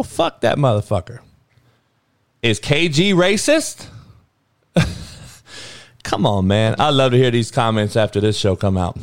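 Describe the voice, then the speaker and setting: A man hosting a podcast, delivering a blunt, heated, profanity-laced sports rant that climbs into yelling. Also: medium pitch, big pitch swings, a little fast, no echo, clean studio sound. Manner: blunt, heated, swearing, rising to a yell. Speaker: podcast host.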